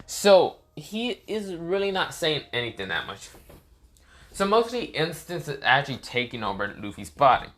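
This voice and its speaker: A man's voice: on the high side, sing-song, normal speed, fairly bright tone. A young man casually narrating a fan story, rambling with swearing and frequent restarts.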